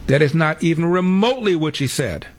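A man's voice: on the high side, animated, brisk, a little hiss or hum. A man hosting a talk radio show, blunt and sarcastic in his commentary. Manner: blunt, sarcastic, mocking imitations.

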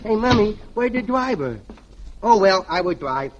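A man's voice: high voice, sing-song, normal speed, lo-fi sound. A man voicing a sassy, mischievous little boy of about five in a 1940s radio comedy sketch. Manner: sassy wisecracking, whiny when scolded. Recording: scratchy old radio recording with hiss.

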